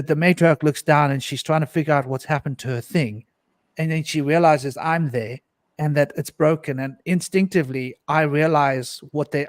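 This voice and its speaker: A man's voice: on the high side, no echo. A man on a discussion panel, earnestly recounting a personal mystical experience, with frequent restarts and repeated words. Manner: earnest, intense storytelling with frequent restarts and repetitions.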